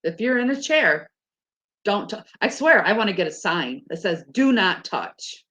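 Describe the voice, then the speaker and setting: A woman's voice: mid-range voice, big pitch swings, moderate pace, pushed and bright. A woman talking frankly and casually, swearing freely and laughing often as she tells stories. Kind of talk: casual chat.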